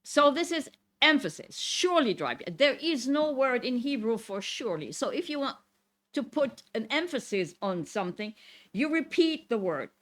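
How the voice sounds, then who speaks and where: Teaching Torah to a congregation in a synagogue classroom, a woman speaks at a moderate pace in a high-pitched, slightly bright voice, very animated throughout. She reads verses aloud, breaks down Hebrew words, and keeps asking "Okay?"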